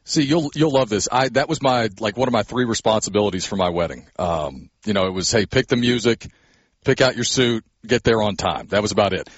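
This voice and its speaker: A man co-hosting a podcast, telling anecdotes in a relaxed, conversational way. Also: fairly low pitch, brisk, husky, no room sound, muffled recording. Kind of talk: casual chat.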